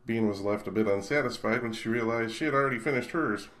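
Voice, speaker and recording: A man's voice: mid-range voice, quick pace, fairly bright tone. A man reading his own short story aloud in a casual, unpolished way, stumbling and correcting himself. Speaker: author and reader.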